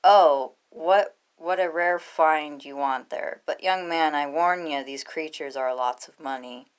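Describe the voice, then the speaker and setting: A woman voicing a greedy male creature dealer with a loud, laughing sales patter in a read-aloud story. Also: low voice, a little slow, clear, resonant tone. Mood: sly.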